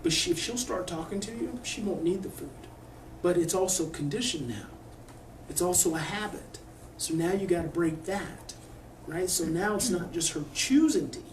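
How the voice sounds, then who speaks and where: A man giving calm parenting advice to a mother, often dropping his voice to a hush as he models what to say to a child. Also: high-pitched, normal speed, slight background noise. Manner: calm coaching, drops to a soft hush when modeling words to a child. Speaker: parenting expert answering a parent. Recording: echoey room, distant mic.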